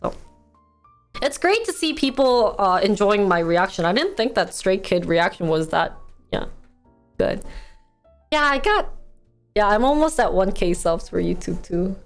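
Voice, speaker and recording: Young woman streamer, Wisconsin accent, animated and chatty, quick giggles. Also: medium pitch, gravelly, faint music behind. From United States. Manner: chatty, giggly, reads and answers chat. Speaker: live streamer. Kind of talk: casual live-stream chat with viewers. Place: her home.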